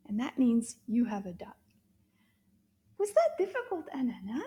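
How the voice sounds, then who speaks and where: Husky high-voiced woman teaching young children. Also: huge pitch swings, moderate pace, long pauses, dark tone. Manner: exaggerated, gasping, often half-whispered. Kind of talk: children's language lesson.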